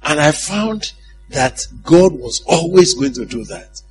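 A man preaching a sermon in an animated, humorous way, often asking the congregation if they follow him. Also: on the high side, takes it slowly, soft background music, rough recording.

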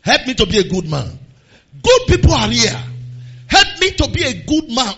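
A man with a Nigerian accent preaching a sermon to his church, moving between quiet talk and shouted prayer. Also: very high-pitched, wildly swooping pitch, moderate pace, slightly rough, highs cut off. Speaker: pastor. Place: church service.

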